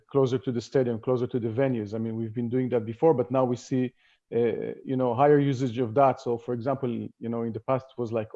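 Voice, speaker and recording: Halting man on a dull video call. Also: medium pitch, dark tone. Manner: halting, many fillers and restarts. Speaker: webinar panelist. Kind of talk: casual panel talk.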